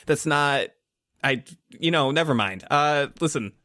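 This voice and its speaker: A man's voice: fairly high pitch, lively intonation, measured pace, sharp tone, dry recording, clean studio sound, pitched above the performer's own voice. A man voicing an awkward teenage boy who rambles and stammers nervously.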